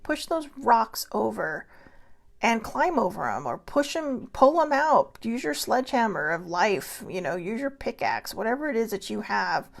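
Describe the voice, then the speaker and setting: A woman's voice: fairly high pitch, sing-song, moderate pace, creaky. A middle-aged woman hosting her own show, giving an earnest, rambling, self-deprecating motivational talk. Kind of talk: casual motivational monologue.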